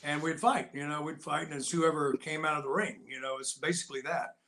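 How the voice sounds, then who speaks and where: An older American man, an actor and Navy veteran, telling lively anecdotes as an interview guest and acting out the people he quotes. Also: on the high side, a little fast. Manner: animated anecdotes with voiced quotes. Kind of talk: casual storytelling.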